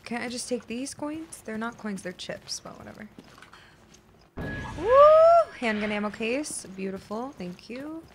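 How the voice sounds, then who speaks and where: A woman's voice: a little high, expressive, normal speed, few pauses, heavy background noise. Chatty woman streamer with a fading voice. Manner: chatty, laughs a lot, swears, talks to chat. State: losing her voice. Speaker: game streamer. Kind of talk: casual live-stream commentary.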